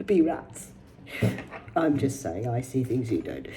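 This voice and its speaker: A woman's voice: extremely low pitch, very animated, takes it slowly, long pauses, dark tone. A woman, reading news headlines aloud in a rambling vlog, swearing heavily and adding mocking asides. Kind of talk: rambling livestream commentary.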